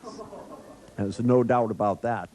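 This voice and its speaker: A man's voice: medium pitch, very animated, takes it slowly, darkish tone, rough recording. A man giving a live workshop lecture to an audience, telling wry, joking anecdotes. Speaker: workshop trainer.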